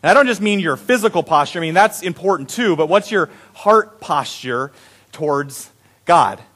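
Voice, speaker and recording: A man's voice: fairly high pitch, lively intonation, normal speed, fairly bright tone. A male pastor giving a sermon in a conversational, playful storytelling manner.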